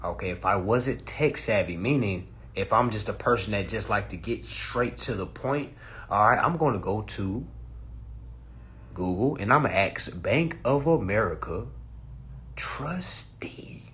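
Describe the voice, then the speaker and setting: A man hosting a casual livestream on his phone, talking in a preachy, animated way, cursing freely and laughing at his own points. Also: lowish voice, a little slow. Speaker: livestream host.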